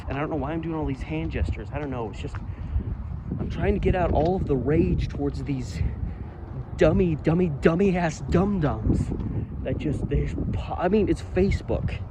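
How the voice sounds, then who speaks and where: A man vlogging as he walks city streets at night, ranting heatedly with lots of "you know" fillers. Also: fairly high pitch. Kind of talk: casual walking vlog monologue. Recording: street noise with passing traffic. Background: traffic and urban ambience.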